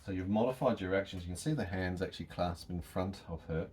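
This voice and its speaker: A very deep-voiced Australian man talks in a calm, explanatory way, reassuring as he goes. A faint hiss sits under his voice in a home setting. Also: quick pace. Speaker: carer and vlogger. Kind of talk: casual home vlog commentary. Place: home indoors.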